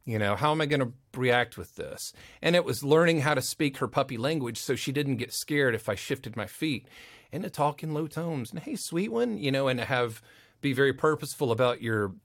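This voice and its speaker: A man, a voice actor, talks in a loose, rambling way during a relaxed interview, now and then dropping into playful little voices for the people he quotes. His voice sits at an ordinary male pitch. The studio sound is dry and close. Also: fairly quick, dry recording. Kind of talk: casual interview storytelling. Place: recording studio.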